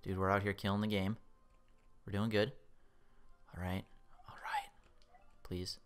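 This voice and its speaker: A young man giving casual, excitable commentary while playing a video game, swearing freely and mocking his own skill. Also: low voice, normal speed, soft background music. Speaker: let's play gamer.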